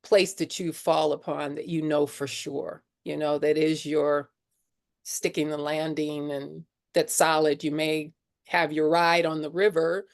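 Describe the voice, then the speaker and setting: A woman's voice: sits low, little pitch movement, unhurried, vocal fry. A middle-aged woman leading a spiritual discussion group, sharing her own story in an earnest, conversational way with many "you know"s. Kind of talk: candid personal sharing talk.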